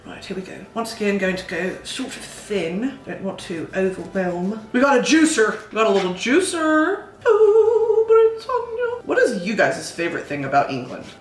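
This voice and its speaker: A woman's voice: medium pitch, big pitch swings, moderate pace, hardly any pauses. A young woman in her twenties hosting a comedic cooking vlog, putting on a playful mock English accent with cheeky, profane, self-mocking asides. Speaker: host. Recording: echoey room, mic at a distance.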